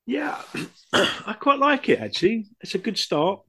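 A man co-hosting a casual podcast, modest and agreeable, speaking softly. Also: high-pitched, big pitch swings, a little slow, slightly rough. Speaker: podcast co-host.

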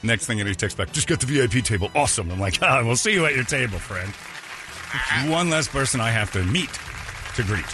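A man's voice: mid-range voice, lively intonation, a little fast, a crowd in the background, background noise. A man hosting a radio morning show, joking with his co-hosts, laughing often and slipping into impressions. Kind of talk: casual radio banter. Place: radio studio. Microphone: studio microphone.

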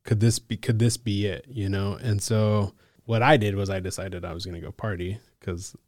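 A man's voice: fairly low pitch, steady tone, normal speed, darkish tone, no echo, clean studio sound. Laid-back man telling his story. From Alaska. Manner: laid-back, lots of "like" and "bro", laughs often. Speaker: podcast guest, case manager. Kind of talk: casual storytelling about recovery.

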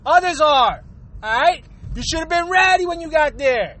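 Very high-voiced exasperated ranting man. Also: lively intonation, moderate pace, pushed and bright, slight background noise. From Florida, USA. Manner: exasperated, repetitive, swears a lot; mixes in Spanish words. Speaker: show host. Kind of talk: profane rant monologue.

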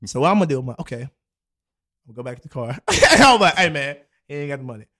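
A man's voice: a little high, sing-song, quick pace, sharp tone. A young man in casual chat, telling a loose, profanity-laced story full of slang and acted-out quotes.

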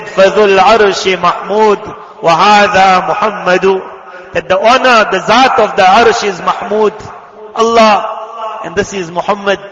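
A man preaching a fervent sermon, telling a story and quickly reciting Arabic prayers. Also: sits high, fairly bright tone. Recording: echoey hall, muffled lo-fi sound.

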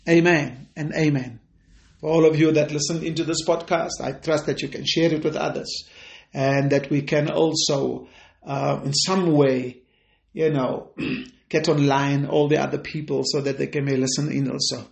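A man preaching a fervent podcast sermon and prayer, repeating phrases and rising to shouted peaks. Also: fairly high pitch, flat delivery, normal speed, vocal fry, roomy sound.

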